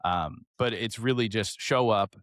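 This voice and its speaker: A man speaking as a guest in a podcast interview, relaxed and easygoing, with frequent "uh" and "you know.". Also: fairly low pitch, measured pace, no echo, clean studio sound. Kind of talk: casual interview chat.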